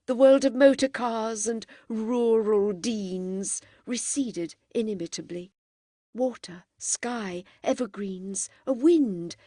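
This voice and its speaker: A woman narrating a novel with an expressive, unhurried delivery. Her pitch rises and falls widely, and the close microphone gives a dry sound with no room around it. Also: no echo. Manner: expressive, animated reading. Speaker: audiobook narrator. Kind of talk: scripted audiobook narration.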